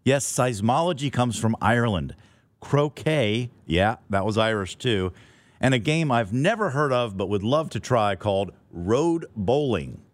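A man's voice: mid-range voice, expressive, unhurried, no echo. A middle-aged man telling a scripted, wry, playful story as a podcast host.

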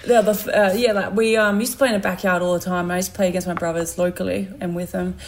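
A woman's voice: lowish voice, little pitch movement, fast, slight background noise. An Australian woman chats easily as a podcast guest, telling stories and laughing between them. She sounds like she is in her thirties. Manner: chatty storyteller who laughs while telling stories. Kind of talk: casual chat.

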